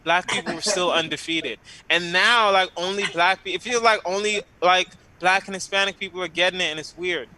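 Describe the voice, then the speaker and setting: A man's voice: high voice, steady tone, fairly quick, hardly any pauses, sharp tone, a little hiss or hum, poor audio. A man doing a rambling stand-up set over a video call, laughing at his own jokes. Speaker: stand-up comedian guest.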